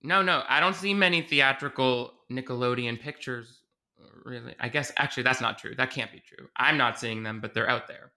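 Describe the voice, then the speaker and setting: A young man hosts a podcast in relaxed, joking conversation, laughing at himself along the way. His voice is strikingly bright and sits at an ordinary pitch for a man. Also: moderate pace. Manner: chatty, self-deprecating. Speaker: podcast host. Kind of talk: casual chat.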